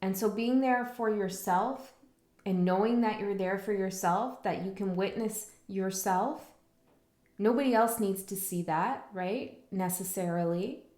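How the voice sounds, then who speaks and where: Woman tarot reader, mid-pitch, reflective rambling delivery in a roomy space. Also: a little slow, darkish tone. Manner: rambling, reflective, many fillers and restarts. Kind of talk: casual spiritual monologue.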